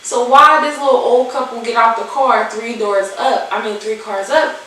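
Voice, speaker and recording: Young Philly woman vlogger, animated and salty, a bit high, echoey room, set back from the mic. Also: moderate pace, far from the mic, slight background noise. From Philadelphia. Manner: animated, swearing, acts out the people in her story. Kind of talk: storytime vlog while doing makeup.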